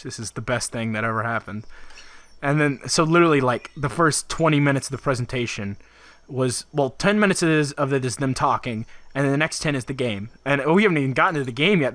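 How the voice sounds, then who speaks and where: A man's voice: mid-range voice, fairly bright tone, no room sound. A man co-hosting a casual video game podcast, rambling with lots of laughs and filler words. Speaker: podcast co-host. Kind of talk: casual chat about video games.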